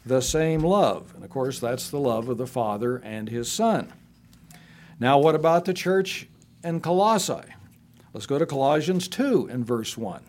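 Slow, deliberate male preacher. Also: animated, darkish tone. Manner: slows and rises in pitch to stress scripture he reads aloud. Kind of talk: sermon.

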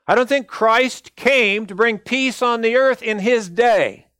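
An older male minister preaches a sermon in an earnest, measured, emphatic way, pressing each point home. His voice sits fairly high for a man and is fairly bright, clear and resonant. The recording is dry and close, with almost no room sound and no echo.

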